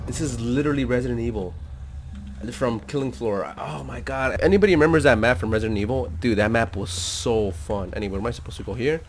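A man hosting a gaming channel, giving let's-play commentary in an excitable, slangy way and jumping into loud outbursts. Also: mid-range voice, quick pace, slight background noise.

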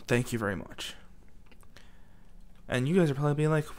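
A man's voice: a little high, animated, normal speed, darkish tone. A man doing goofy let's play commentary, rambling and talking back to himself. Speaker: gaming commentator.

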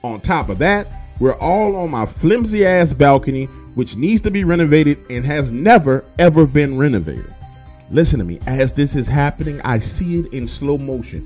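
A man telling his own story in a casual, animated way, swearing freely and talking straight to his listeners. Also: a little high, normal speed, faint music behind. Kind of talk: casual first-person storytelling.

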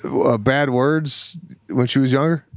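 A middle-aged man co-hosting a casual podcast chat, talking about parenting in a relaxed, earnest way. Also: measured pace, vocal fry, no room sound, studio quality. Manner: relaxed, earnest, drops into a low calm voice when quoting himself as a parent. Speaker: podcast co-host.

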